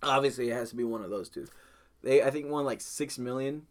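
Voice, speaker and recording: A man's voice: medium pitch, a little fast. A young man co-hosting a casual podcast, rambling and swearing as he talks. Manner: rambling, swears, laughs often. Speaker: podcast co-host.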